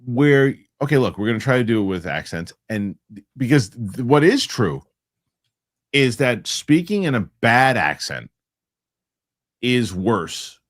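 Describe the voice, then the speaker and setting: A man's voice: medium pitch, sing-song, measured pace. A man hosting a casual film chat show, talking emphatically and repeating himself as he makes a point. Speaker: host. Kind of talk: casual panel chat about films.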